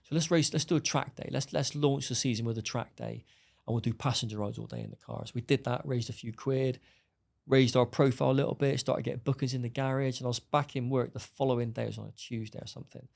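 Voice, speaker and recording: A middle-aged man tells his story at a rapid clip. His voice has a gravelly edge, and he speaks bluntly with plenty of swearing. He acts out the back-and-forth of conversations as he goes. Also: mid-range voice, steady tone, a little mellow. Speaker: podcast guest. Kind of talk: storytelling interview.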